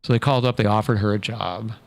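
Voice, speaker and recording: Gravelly low-voiced man telling a story. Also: fast talker. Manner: relaxed anecdotal, many fillers. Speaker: podcast guest, author. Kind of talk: casual storytelling.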